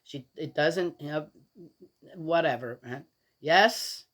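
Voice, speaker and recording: A woman's voice: low-pitched, slow. An older grandmother talking in a casual, rambling monologue, opinionated and exasperated, with restarts and laughs as she tells stories. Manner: chatty, opinionated, exasperated storytelling.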